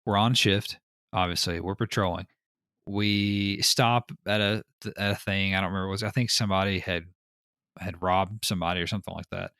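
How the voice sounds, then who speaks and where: A man hosting a podcast, telling stories in casual chat with an animated, rambling manner. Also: low voice, fairly quick, clear, resonant tone, dry recording, clean studio sound. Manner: animated storyteller, frequent fillers. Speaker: podcast host.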